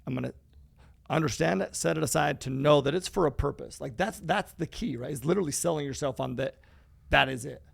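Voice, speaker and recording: Gravelly, emphatic male podcast host. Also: fairly high pitch, brisk, dry recording, clean studio sound. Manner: emphatic, casual, swears freely. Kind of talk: casual motivational chat.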